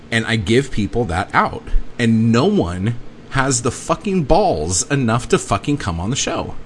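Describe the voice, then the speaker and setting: A man hosting a podcast, delivering an aggressive, profane, confrontational rant that swings between low muttering and loud outbursts. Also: a little hiss or hum. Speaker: podcast host. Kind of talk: profane ranting monologue.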